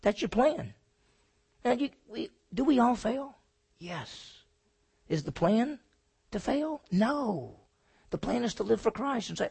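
A man preaching a sermon, swinging from loud emphatic lines to hushed, near-whispered ones and answering his own questions. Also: very high voice, lively intonation, slow pace, creaky, pauses often, husky. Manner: asks the congregation questions and answers them himself. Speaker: pastor.

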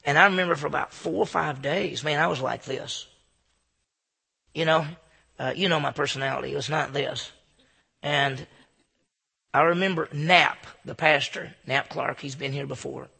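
A man's voice: on the high side, moderate pace, creaky, pauses often, bright, forceful tone, slightly rough, big-room sound. A man giving an earnest, informal devotional talk to a group in a room, often stammering and restarting his sentences. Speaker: Christian speaker.

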